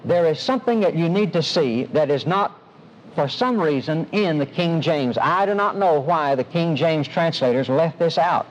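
A man preaching a sermon, emphatic, slowing down and stressing his key phrases. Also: a little high, animated. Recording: dull lo-fi sermon recording with faint hiss.

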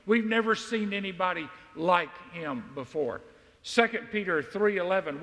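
A man's voice: on the high side, moderate pace, fairly bright tone. A man from Mississippi, preaching a sermon in a folksy, joking, conversational way. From Mississippi, USA. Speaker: pastor. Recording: long reverb of a large hall.

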